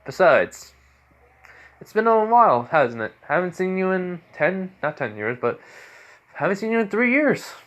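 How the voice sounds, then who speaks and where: A man's voice: sits high, very animated, unhurried, a bit bright, dull audio, pitched above the performer's own voice, full character voice. An amateur narrator voicing a polite young male radio demon hero who turns menacing, with old-fashioned courtly phrasing. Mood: gentle. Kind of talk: amateur fan story narration.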